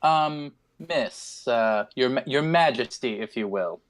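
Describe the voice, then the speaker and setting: A man's voice: medium pitch, expressive, slow pace, pitched below the performer's own voice. A man voicing a sly half-orc gambler in a tabletop game, speaking with mock-polite hesitation.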